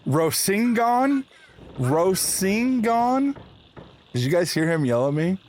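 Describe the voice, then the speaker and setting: A man hosting a live gaming stream, chatting casually with viewers and laughing at himself in a playful, animated way. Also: fairly high pitch, fast talker, slight background noise. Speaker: livestream host. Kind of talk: casual chat while gaming.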